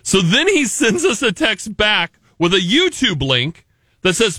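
A man's voice: sits high, wildly swooping pitch, unhurried, bright, forceful tone, slightly rough, dry recording, clean studio sound. A man co-hosting a morning radio show, telling jokey stories in casual banter and laughing often. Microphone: studio microphone.

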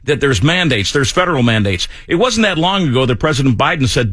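Lively, joking male radio host. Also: a little high, fairly quick, breathy edge, no echo. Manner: jokey, self-mocking, animated. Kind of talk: morning talk radio. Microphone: studio microphone.

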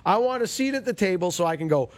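A man's voice: high-pitched, expressive, fast. A man hosting a golf talk radio show, in a ranting, exasperated, grumpy way. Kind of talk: animated talk-radio chat.

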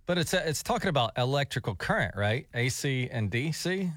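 A man's voice: mid-range voice, sing-song, a bit bright, dry recording, studio quality. A man co-hosting a morning radio show, chatting easily and laughing along. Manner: easygoing, quick to laugh. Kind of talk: casual radio banter. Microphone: studio microphone.

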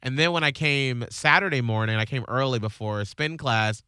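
A man's voice: normal speed, bright, forceful tone, clean tone, no room sound, studio quality. A man chatting casually as a co-host, recounting a visit earnestly and voicing the people in it. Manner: earnest storytelling with high-pitched quoted voices. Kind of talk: casual chat.

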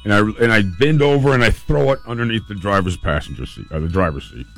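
A man's voice: lowish voice, fast, gravelly, a bit bright, soft background music. A man telling a personal story in an earnest, emotional, vivid way.

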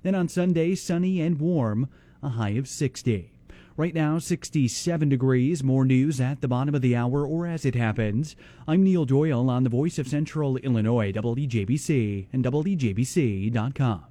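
A man reading ads, weather and news on local radio in a steady, scripted delivery. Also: medium pitch, normal speed. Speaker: radio newsreader.

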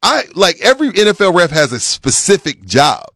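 A man in his forties hosting a sports radio show, talking in lively banter that turns loud and laughing when he gets riled up. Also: fairly high pitch, brisk, no echo, clean studio sound. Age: 40s. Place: radio studio. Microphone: studio mic.

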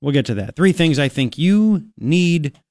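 Excitable man hosting talk radio. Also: fairly high pitch, unhurried, no room sound. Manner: excitable, exclaiming, rambling. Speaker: radio talk show host. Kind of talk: animated talk radio banter.

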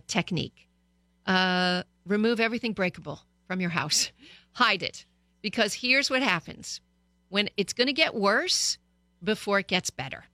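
A woman's voice: medium pitch, sharp tone, no echo. A middle-aged woman hosting a radio talk show, speaking candidly and conversationally into a studio microphone.

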